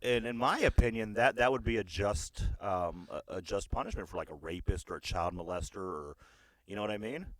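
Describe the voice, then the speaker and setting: A man's voice: on the low side, lively intonation, brisk, dry recording. A man with a Pittsburgh accent co-hosting a casual podcast, telling rambling stories with crude humor. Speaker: podcast co-host. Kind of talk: casual chat.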